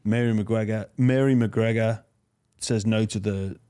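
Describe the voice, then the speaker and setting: A man's voice: on the low side, steady tone, a little slow, warm tone, clean tone. A man hosting a casual podcast chat, asking easygoing questions and chiming in with short replies. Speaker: podcast host.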